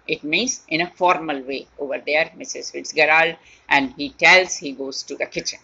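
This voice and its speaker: Female teacher walking students through a play script; low, husky voice on a dull recording. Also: normal speed, pushed and bright. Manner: paraphrases line by line, repeating and rephrasing. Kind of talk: explaining a play to a class.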